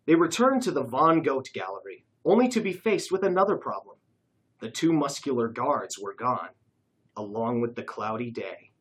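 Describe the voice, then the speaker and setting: A narrator reading a comic caper story aloud, expressive and lively. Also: mid-range voice, normal speed, slightly rough, low-quality recording.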